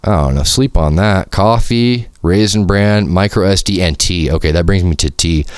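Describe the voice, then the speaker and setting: A man with a low, deep voice talks through a solo podcast in a loose, rambling way. He peppers his talk with slang, swearing and "you feel me". The sound is close and dry, with no room around it. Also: moderate pace, smooth, no echo. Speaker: podcast host. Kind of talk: casual solo podcast monologue. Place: home studio.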